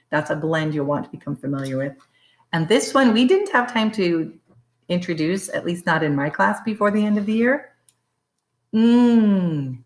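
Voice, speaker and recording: A woman teacher giving a phonics lesson for young children, slowly and carefully sounding out letters. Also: fairly low pitch.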